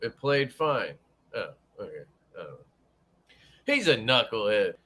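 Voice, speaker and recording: A man's voice: lowish voice, sing-song, measured pace, pushed and bright. A young man hosting a casual livestream, joking, cursing freely and greeting chat viewers by name. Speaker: livestream host.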